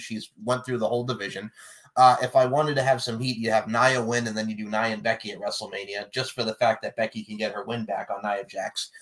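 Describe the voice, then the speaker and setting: A man hosting a casual chat, animated and joking, with sudden loud bursts. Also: mid-range voice. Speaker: podcast host predicting wrestling matches.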